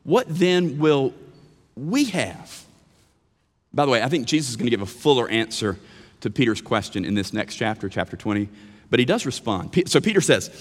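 A man preaching a sermon, swinging between hushed, slow phrases and loud, emphatic bursts. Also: medium pitch, sing-song, long reverb tail.

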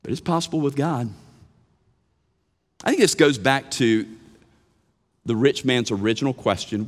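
A man preaching a sermon as pastor, animated, swinging from emphatic lines to hushed ones. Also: medium pitch, moderate pace, pauses often, big-room sound. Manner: animated preaching with sudden drops to a hush. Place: church sanctuary.

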